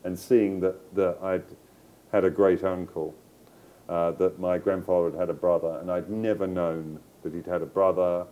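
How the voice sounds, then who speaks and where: A man's voice: low voice, level tone, moderate pace, narrow, tinny audio. A middle-aged male novelist in a book club conversation, telling stories in a discursive way, with digressions and restarts. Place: live event before an audience.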